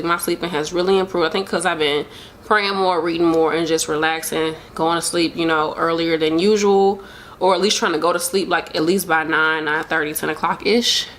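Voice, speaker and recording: Chatty young woman with a lowish voice. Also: a bit bright, slight background noise. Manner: rambling and chatty, full of fillers; open and emotional. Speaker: vlogger sharing a pregnancy update. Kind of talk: casual chat to camera.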